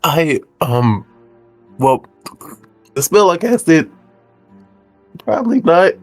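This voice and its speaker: A man playing in a tabletop game, talking in a hesitant, halting way. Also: on the high side, very animated, dry recording, soft background music, low-quality recording. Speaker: player. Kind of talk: tabletop role-play chat.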